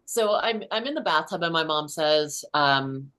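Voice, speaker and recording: Low-voiced woman in her sixties, telling a story. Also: expressive, a little slow, fairly bright tone. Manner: earnest, many restarts and "you know". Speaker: podcast host and author, guest. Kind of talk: storytelling in a casual interview.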